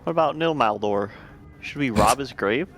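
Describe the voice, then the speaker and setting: A man playing a game with a friend, chatting casually with playful, deadpan jokes. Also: mid-range voice, moderate pace. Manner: joking, playful, deadpan asides. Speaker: co-player. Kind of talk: casual gaming chat. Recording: faint music behind.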